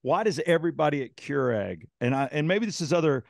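Gravelly man telling a story. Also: a little high, quick pace, no room sound, clean studio sound. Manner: rambling, swears, animated retelling. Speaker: podcast co-host. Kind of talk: casual storytelling chat.

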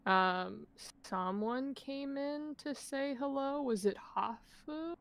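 A woman's voice: high voice, takes it slowly. Woman recounting her moves step by step. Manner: methodical recounting. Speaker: player. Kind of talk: casual game chat.

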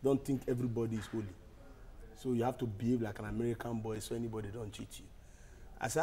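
A comedian from Delta State with a Nigerian accent, telling a story in an animated way on a TV show. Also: male voice, mid-range voice, fast. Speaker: comedian guest. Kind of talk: stand-up joke telling.

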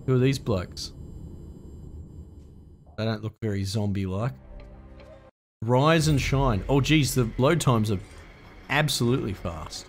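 A man's voice: fairly low pitch, unhurried, long pauses. A man doing crude, jokey let's-play commentary with lots of swearing. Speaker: gaming host. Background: game music.

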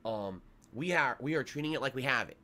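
A man's voice: mid-range voice, animated, fairly quick, sharp tone, slight background noise. A man with a congested nose giving viewers a rambling, complaining update on his illness. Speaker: streamer. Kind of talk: sick-day update to viewers.

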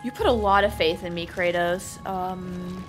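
With game audio in the background, a woman comments on her let's-play in a fairly low voice at a measured pace. She gets excited, exclaims, and makes jokes about herself.

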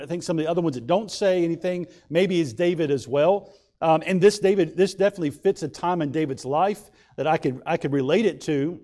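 A male pastor preaching a sermon, earnest, slowing down to draw out scripture and building louder for emphasis. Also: a little high. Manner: slows down and draws out scripture readings.

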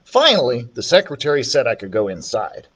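Lively man reading a storybook aloud. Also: fairly quick, husky. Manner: expressive, voices the characters with big pitch swings. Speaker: children's librarian reading aloud.

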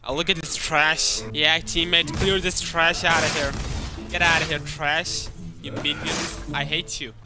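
A man's voice: on the high side, little pitch movement, a little slow. Trash-talking young man over game music. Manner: trash-talking, swearing, laughing at opponents. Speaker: gaming YouTuber. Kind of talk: casual gameplay commentary.

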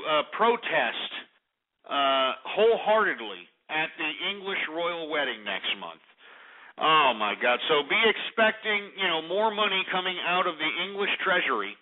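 A high-pitched man hosts a talk radio show with a sarcastic, rambling rant. His voice comes through a thin, tinny line, like a phone call on the air. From United States. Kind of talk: opinionated talk radio monologue.

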